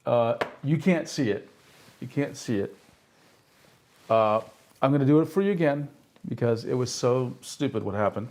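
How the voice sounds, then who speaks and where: A man's voice: medium pitch, animated, normal speed, pauses often, a little mellow, a little hiss or hum. A man hosting a live tech stream, explaining hardware step by step and checking in with the audience. He laughs at himself when a demo fails. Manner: explanatory, keeps checking in with "okay?" and "right?"; self-deprecating when a demo goes wrong. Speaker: tech streamer demonstrating pen displays.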